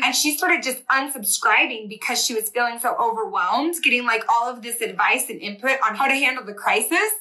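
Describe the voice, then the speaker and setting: A woman host and business coach giving a fast, chatty live-stream pep talk and reading viewer comments aloud. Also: on the high side, pushed and bright, rough recording.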